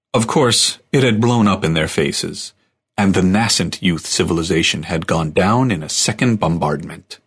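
Deep gravelly male audiobook narrator. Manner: measured storytelling.

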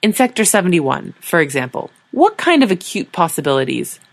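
A woman's voice: fairly low pitch, sing-song, brisk, gravelly, dry recording, heavily acted. A woman voicing a weary, exasperated diplomat who speaks in a dry, sardonic way.

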